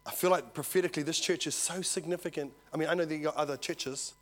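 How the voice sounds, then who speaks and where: A man preaching a sermon, telling a story and swinging from loud to hushed. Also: a little high, steady tone, fast talker. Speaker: visiting preacher.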